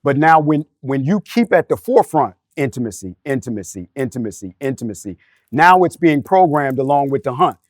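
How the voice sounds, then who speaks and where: A middle-aged man telling a candid personal story in casual podcast talk, animated and street-casual. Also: on the high side, normal speed, few pauses, dry recording, studio quality. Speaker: podcast panelist.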